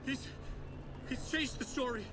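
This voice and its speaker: A stammering, shaken writer. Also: male voice, very high voice, measured pace, music in the background. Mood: panicked. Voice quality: breathless, stammering. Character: shaken, confused middle-aged male writer.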